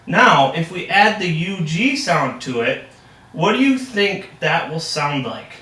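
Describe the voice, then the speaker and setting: Young man, reading tutor, encouraging, high voice, bright tone, echoey room. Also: sing-song, takes it slowly. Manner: upbeat and encouraging, heavy praise. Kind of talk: practice lesson role-play. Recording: echoey room, distant mic.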